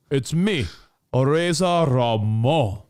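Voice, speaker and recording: A man doing an impression of a swaggering macho wrestler, a cocky ladies' man, in a slow, drawling voice. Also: mid-range voice, lively intonation, darkish tone, smooth, dry recording, studio quality.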